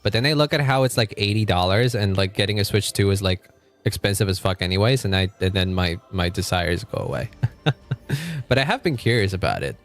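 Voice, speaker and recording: A man's voice: deep voice, lively intonation, brisk, faint music behind. A young man streaming a game from home, chatting casually, swearing freely and laughing often. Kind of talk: casual gaming livestream chat.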